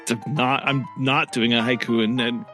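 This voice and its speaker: A man with a mid-range voice chats in an easygoing way, tossing in short affirmations and laughing along. Music plays clearly in the background of the recording. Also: medium pitch, little pitch movement, moderate pace. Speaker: podcast co-host. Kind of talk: casual chat.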